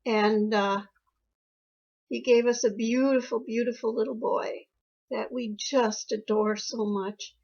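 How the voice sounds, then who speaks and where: Speaking slowly in a steady, somewhat high voice, an older mother fondly reminisces about her daughter during an interview. Her emotional, warm storytelling includes repeated phrases, captured on a dull lo-fi recording.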